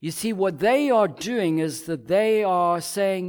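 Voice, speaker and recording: A high-pitched man delivers a sermon at an unhurried, deliberate pace. He is emphatic and keeps asking rhetorical questions before answering them himself. He sounds like a preacher at the pulpit. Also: expressive.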